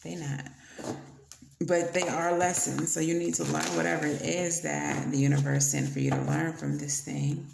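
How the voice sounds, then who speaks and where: A woman giving a casual tarot reading, blunt and playful, swearing now and then between soft fillers. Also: sits low, animated, moderate pace, vocal fry, few pauses, roomy sound, noisy background. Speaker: tarot reader.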